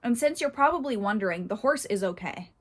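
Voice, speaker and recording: A woman's voice: medium pitch, animated, fairly quick. A woman hosting a horse channel, reading online posts aloud and commenting in a chatty way, often breaking into laughter.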